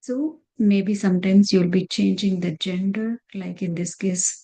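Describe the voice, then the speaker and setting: A woman's voice: mid-range voice, fairly even intonation, a little slow, hardly any pauses, warm tone, low-quality recording. A woman teaching a recitation lesson over slides, patiently repeating terms and counts.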